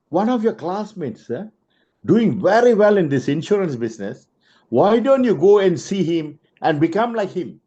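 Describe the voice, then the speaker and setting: Storytelling sales trainer, fairly high voice. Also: male voice, sing-song, moderate pace, warm tone. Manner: tells stories with asides and rhetorical "huh?" checks. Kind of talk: motivational storytelling lecture. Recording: dull lo-fi recording.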